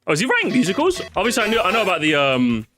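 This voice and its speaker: A man's voice: sits high, huge pitch swings, rapid-fire. A young man chatting casually with viewers as he plays, rambling and swearing freely, with game music behind him. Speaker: streamer. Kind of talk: casual gaming commentary.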